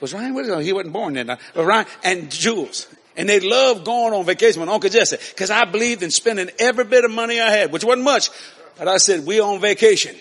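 A man preaching a story-filled sermon, animated and laughing as he acts out voices. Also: high voice, brisk.

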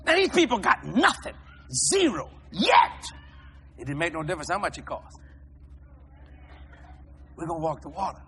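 An American man preaching a sermon, telling stories in an animated way, shouting and laughing as he goes. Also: a little high, moderate pace, pauses often, very noisy. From United States. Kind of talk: storytelling sermon.

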